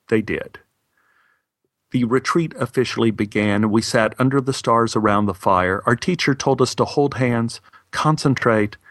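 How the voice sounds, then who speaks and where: A man's voice: mid-range voice, a bit bright, no room sound, studio quality. A man from Texas telling a first-person story in a wry, matter-of-fact way. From Texas, USA.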